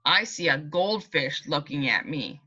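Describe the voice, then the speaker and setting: Teacher woman, young adult, slow sing-song read-aloud for little kids, bright clear tone, slightly dull home-video sound. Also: sits low, animated. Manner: sing-song, warm and encouraging, speaking slowly and clearly to small children. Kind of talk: reading a picture book and leading a class meeting for young children.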